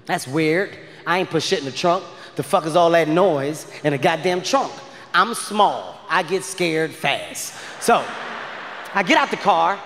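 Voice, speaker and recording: A man doing stand-up comedy, telling stories in a loud, animated, profane way and acting out other characters. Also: high-pitched, long reverb tail, a little hiss or hum. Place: stage before a live audience.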